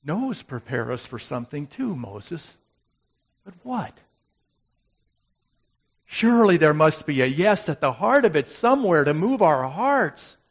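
A man playing a gentle, humble brother of Moses in a slow, musing dramatic monologue. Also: on the high side, sing-song, lo-fi sound, full character voice. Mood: reflective. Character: gentle brother of Moses, who made the golden calf, humble and reflective.

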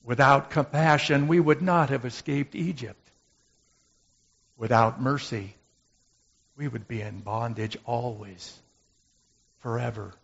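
A man playing a gentle, humble brother of Moses in a slow, musing dramatic monologue. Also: medium pitch, creaky, slightly rough, highs cut off, exaggerated voice. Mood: reflective. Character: gentle brother of Moses, who made the golden calf, humble and reflective.

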